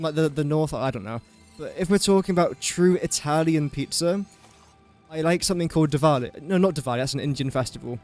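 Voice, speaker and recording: A man's voice: fairly high pitch, darkish tone. A young man from England chatting casually on a gaming livestream, rambling and self-mocking as he builds. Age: young adult. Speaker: streamer.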